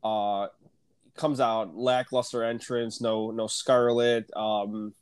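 A man's voice: fairly low pitch, level tone, slow pace, clear, resonant tone, dry recording. A man co-hosting a casual wrestling podcast, getting over a cold with a lingering cough, chatting loosely with plenty of swearing. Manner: casual and profane, with fillers. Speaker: podcast co-host. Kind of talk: casual chat.

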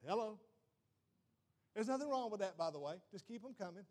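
High-voiced man preaching with emphasis. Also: animated, fairly quick, darkish tone. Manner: emphatic preaching, repeats "watch this", asks the congregation questions. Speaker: pastor. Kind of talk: sermon.

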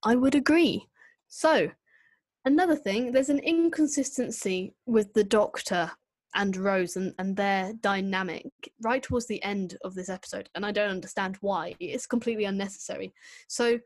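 A woman chats through an episode review with opinionated energy and quick asides. Her voice sits in a middle pitch. The recording is close and dry, with no room sound. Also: no echo. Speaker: podcast co-host reviewing an episode. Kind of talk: casual chat.

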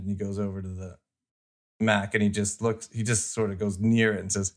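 A man's voice: lowish voice, level tone, fairly quick. A man co-hosting a podcast, chatting casually and retelling movie scenes in a rambling way. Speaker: podcast co-host. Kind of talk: casual chat.

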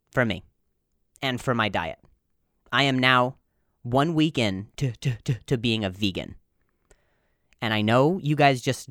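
A man's voice: medium pitch, a bit bright, no echo, studio quality. A man in his twenties hosting a solo comedy podcast, rambling, stammering and poking fun at himself. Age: 20s. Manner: rambling, stammering and self-deprecating. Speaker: podcast host.

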